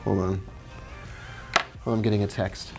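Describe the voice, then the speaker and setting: A man's voice: lowish voice, little pitch movement, unhurried, over music. A man hosting a live trading stream, chatting casually, reading viewer questions and greeting them by name as he walks through charts.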